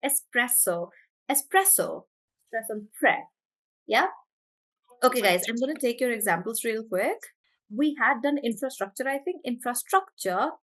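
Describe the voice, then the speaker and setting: A woman teaching English pronunciation in a live online class, slowing down and stretching words to show where the stress falls, and calling her students by name as she answers them. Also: on the high side, fairly bright tone.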